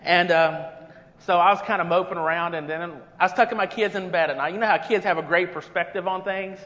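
A man's voice: high voice, steady tone, brisk, a bit bright. A man filling in as guest preacher, giving a folksy, conversational sermon with personal stories. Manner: folksy and conversational, with rising energy. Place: church sanctuary. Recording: long reverb, dull lo-fi sound.

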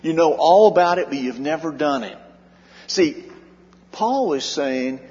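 A man's voice: a little high, expressive, a little slow, darkish tone. A man preaching a sermon as pastor, earnest, with his voice rising and falling in volume for emphasis. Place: church sanctuary. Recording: dull sound in a long-reverb hall.

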